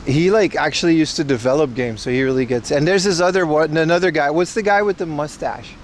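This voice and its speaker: A man's voice: a little high, a little fast, slight background noise. A man chatting casually with his livestream viewers outdoors, rambling and joking playfully as he browses plants. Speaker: IRL livestreamer. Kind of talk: casual live-stream chat with viewers.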